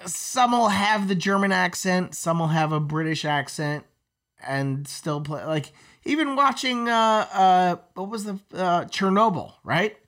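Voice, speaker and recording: A man's voice: high voice, lively intonation, measured pace, a bit bright. A man co-hosting a podcast, chatting casually with a rambling, profane manner full of fillers and restarts. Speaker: podcast co-host. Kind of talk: casual chat.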